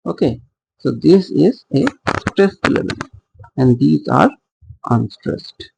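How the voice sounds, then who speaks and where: A man's voice: mid-range voice, animated, takes it slowly, creaky, a little mellow, a little hiss or hum, poor audio. A man teaching a lesson on poetic meter. He talks hesitantly, with many fillers and self-corrections, and asks the class rhetorical questions that he answers himself. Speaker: literature teacher.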